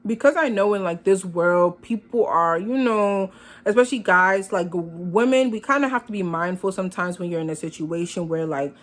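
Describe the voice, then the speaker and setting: A young woman telling a casual storytime to her vlog audience, animated and expressive, often acting out what was said. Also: mid-range voice. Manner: animated, expressive, quotes herself and others. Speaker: vlogger. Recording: phone with faint background noise.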